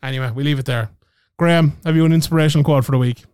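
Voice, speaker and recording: High-voiced man ranting. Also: racing, slight background noise. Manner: animated, ranting, swears freely. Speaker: podcast co-host. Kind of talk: casual podcast chat.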